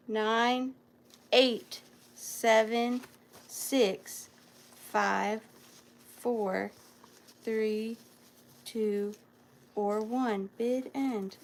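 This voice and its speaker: Slow-talking, emotional woman reseller. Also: a little high, steady tone. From US South. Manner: emotional, marvelling, apologetic asides. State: near tears. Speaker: antiques reseller hosting a live sale. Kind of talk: casual live-sale chat, reading old letters aloud.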